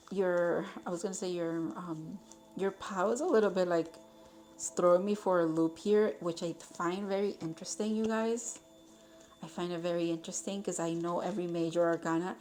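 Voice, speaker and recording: A woman's voice: on the low side, a little mellow, a little hiss or hum. A young woman giving a casual tarot reading to her viewers, rambling and chatty with many fillers and restarts. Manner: chatty, rambling, with frequent fillers and self-corrections. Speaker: tarot reader.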